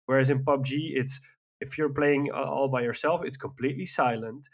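A man co-hosts a podcast, chatting casually and rambling enthusiastically with lots of fillers. His mid-range voice is gravelly, at an ordinary pitch, with fairly even intonation and normal speed.

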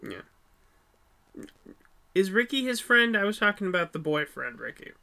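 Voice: medium pitch, very animated, normal speed, vocal fry, pushed and bright. A podcast co-host who talks bluntly, swears casually and often repeats words when starting a thought, in a casual movie review chat.

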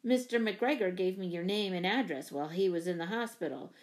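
A woman's voice: medium pitch, a little fast, close to an everyday voice. A woman voicing a tired, drenched middle-aged man speaking plainly in a storybook reading. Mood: weary.

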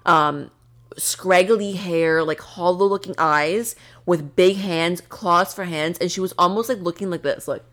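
Low-voiced young woman telling ghost stories. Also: unhurried. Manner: animated storytelling, lots of fillers. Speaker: podcast co-host. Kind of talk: casual chat.

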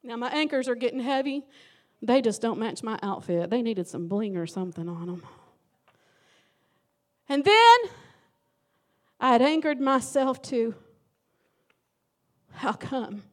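High-voiced woman pastor preaching. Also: sing-song, a little slow, long pauses. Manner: emotional, dramatic storytelling with sudden loud emphasis. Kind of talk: sermon.

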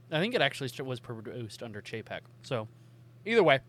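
A man's voice: mid-range voice, sing-song, measured pace, a bit bright. A man hosting a casual podcast chat. He rambles along with plenty of ums. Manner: chatty, rambling, many ums. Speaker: podcast host.

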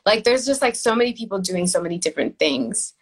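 A woman's voice: medium pitch, big pitch swings, fast, slightly rough. A woman co-hosting a casual faith podcast, talking reflectively with many fillers. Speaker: podcast co-host.

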